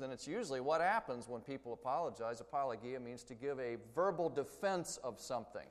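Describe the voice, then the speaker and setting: A man in a middle-range voice teaches a Bible lesson in a relaxed, conversational way, using small stories to make his points. His words carry a long reverb, as in a large hall. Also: medium pitch. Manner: conversational, explains with story examples. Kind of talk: church lecture.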